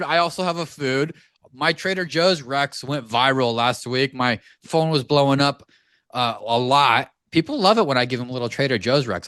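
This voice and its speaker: A man co-hosting a podcast, telling a story in an animated, profane ranting way from a home studio. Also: medium pitch, no room sound. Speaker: podcast co-host. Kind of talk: casual podcast chat.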